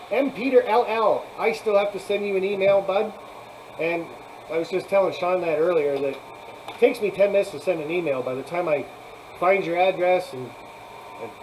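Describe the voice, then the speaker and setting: A man's voice: sits high, a little mellow, a little hiss or hum, rough recording. A man hosting a casual live chat, rambling, laughing often and thanking viewers as he talks. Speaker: live stream host.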